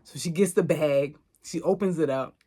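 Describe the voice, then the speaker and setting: A woman hosting a podcast, recapping a film in a chatty, slangy, expressive way. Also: deep voice, normal speed. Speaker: podcast host. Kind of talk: casual movie recap.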